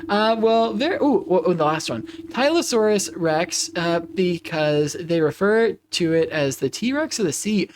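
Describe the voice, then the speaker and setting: Young streamer rambling and giggling on a live game stream, voice bouncing all over, mid pitch. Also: animated, measured pace, few pauses, background noise. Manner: giggly, playful, rambling with many restarts. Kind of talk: casual live-stream chat while playing.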